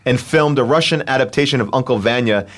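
A man co-hosting a casual podcast, reading out film trivia in an animated way, laughing often and filling pauses with "uh" and "um.". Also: medium pitch. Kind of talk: casual chat.

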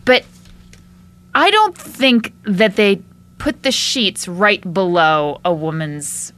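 A woman's voice: medium pitch, sing-song, slow pace, a bit bright. A woman co-hosting a casual podcast chat about a movie, curious and pressing with questions. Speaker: podcast co-host.

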